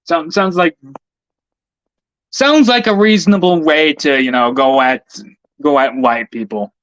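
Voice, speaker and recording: A man's voice: fairly high pitch, unhurried, a bit bright, no room sound. A man in a casual, heated rant, swearing often and stammering over repeated words. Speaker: vlogger. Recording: dull lo-fi dry recording.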